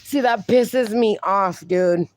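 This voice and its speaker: A woman's voice: mid-range voice, slow pace. A woman hosting a casual livestream, reading viewer comments aloud and chatting, swearing freely. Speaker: livestream host reading chat.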